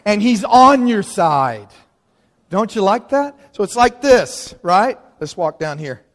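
A man preaching a sermon in a lively, conversational way, leaning on dramatic pauses. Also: high-pitched. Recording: long reverb of a large hall.

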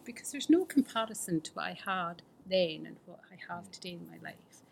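Husky-voiced woman sharing her story. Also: lowish voice, expressive, a little fast, hardly any pauses. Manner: candid and earnest, often dropping to a near-whisper. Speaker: fellowship member sharing her recovery story. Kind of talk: personal recovery testimony.

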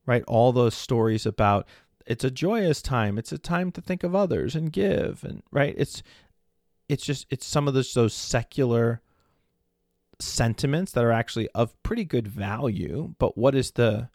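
A man in his forties talks through a faith-based podcast in a relaxed storytelling way. His voice sits at an ordinary middle pitch, close to the mic in a dry, dead room. He keeps checking in with "right?" as he goes. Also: no echo. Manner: conversational storytelling, frequent "right?" asides. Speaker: podcast host.

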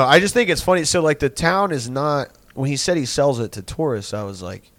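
A man's voice: fairly low pitch, no room sound. A young man hosting a podcast, telling a story in a rambling, profane way with lots of filler words. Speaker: podcast host. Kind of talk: casual storytelling.

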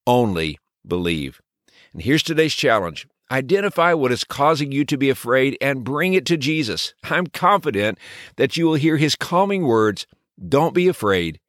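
A man hosts a devotional podcast in a gentle, earnest way, his pitch sitting in an ordinary middle range. He talks close to the microphone in a dry space with no room sound behind him. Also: no room sound. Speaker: podcast host.

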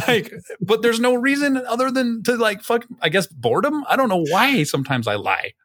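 A young adult man co-hosts a podcast in a casual chat, rambling with many fillers and restarts and swearing freely. His voice is very high, very animated, a bit bright, and moderately paced, with clean, echo-free studio sound.

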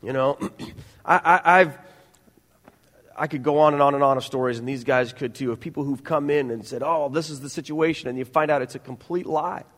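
A middle-aged man preaching a sermon as pastor, earnest and growing animated, with stumbling restarts. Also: fairly high pitch, brisk, big-room sound.

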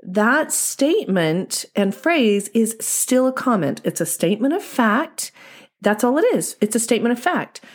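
A woman's voice: on the high side, very animated, a little slow. A woman couples therapist giving an instructional talk, explaining ideas step by step through examples.

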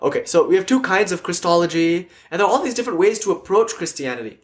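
A man's voice: high voice, quick pace. A man giving a casual lecture as a spiritual teacher, telling stories animatedly and acting out quotes. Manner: animated storytelling, acts out quotes. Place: class with online audience.

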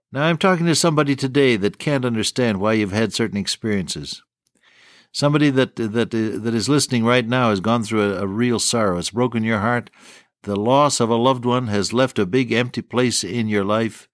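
An older man giving a radio sermon in a gentle, pastoral tone, speaking right to the listener. The sound is close and dry, with no room echo. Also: medium pitch. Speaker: radio preacher.

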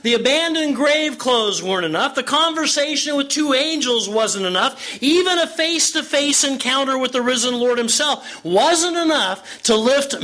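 Guy preaching a sermon, high voice, super expressive, acts out the quotes. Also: poor audio. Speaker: pastor.

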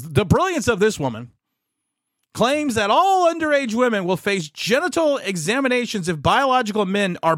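A man's voice: fairly high pitch, no echo, clean studio sound. A man hosting a political commentary show, talking in an indignant way and often restarting his sentences.

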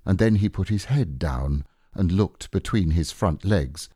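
Deep, slow male storybook narrator. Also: lively intonation, husky, no echo, studio quality. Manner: slow and unhurried, gentle phrasing. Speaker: audiobook reader.

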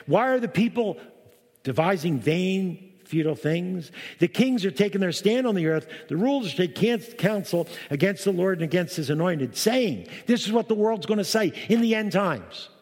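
A man preaching a sermon, reading scripture aloud with emphatic, rising delivery and breaking off to explain it. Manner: emphatic, reads verses aloud with rising pitch. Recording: long hall reverb.

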